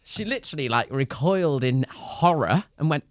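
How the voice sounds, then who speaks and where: A young man, a podcast co-host telling a story in casual chat, animated and laughing as he goes. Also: a little high, normal speed, no room sound, clean studio sound.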